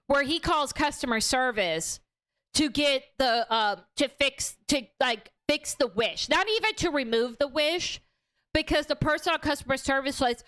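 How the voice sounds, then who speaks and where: A young woman hosting a casual livestream movie review, animated and outspoken, swearing freely as she recounts the plot. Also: sits high, normal speed.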